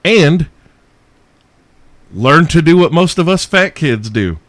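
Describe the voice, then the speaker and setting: A man's voice: on the high side, expressive, slow, fairly bright tone, no echo. A man hosting a solo podcast, answering listener questions in a profane, sarcastic ranting manner. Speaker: podcast host.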